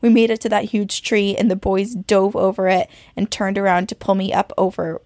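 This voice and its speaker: A woman with a gravelly, fry-laced voice reads a listener's tale aloud and slows down for suspense. Her voice sits at a middle pitch and sounds close and dry. She is co-hosting a podcast. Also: flat delivery, darkish tone, no echo. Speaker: podcast co-host. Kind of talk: reading a listener's story aloud.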